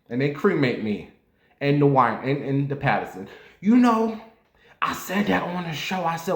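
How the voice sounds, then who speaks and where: A man talks loosely and profanely to his viewers, now and then jumping up into a playful squeal. His voice sits a bit high. The sound is roomy and echoey, like a bare room at home. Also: slight background noise. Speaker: vlogger. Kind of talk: casual chat to viewers. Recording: roomy echo.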